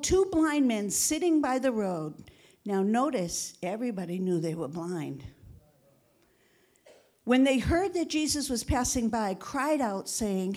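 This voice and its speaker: A woman pastor delivers a sermon in a voice pitched a little high. She preaches emphatically, calling out for amens and sinking to a hushed whisper for quotes. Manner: emphatic preaching with frequent call-outs for amen.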